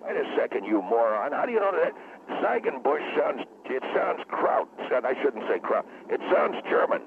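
A man doing a gravelly, hot-tempered blowhard. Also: big pitch swings, normal speed, background noise. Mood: lecturing. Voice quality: gravelly, explodes into shrill outbursts. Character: hot-tempered blustering male studio guest. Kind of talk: comic radio character. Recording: tinny phone line.

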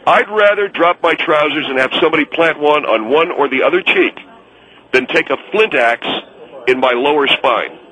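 A man's voice: a little high, normal speed, sharp tone, poor audio. Man putting on a pompous brash restaurant boss. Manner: boastful, indignant and rambling. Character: pompous brash older male restaurant owner. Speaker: guest. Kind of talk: comedic radio call-in character.

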